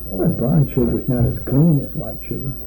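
Gravelly-voiced plain-spoken farmer man. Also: mid-range voice, normal speed, noisy background. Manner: plain-spoken, repeats words while explaining. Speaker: sugar cane farmer. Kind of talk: casual interview answers.

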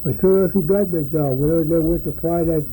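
A man's voice: on the high side, fast talker, mellow, slight background noise, rough recording. Rambling older man. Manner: rambling, folksy, acts out voices in his stories. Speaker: interviewee. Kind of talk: oral history storytelling.

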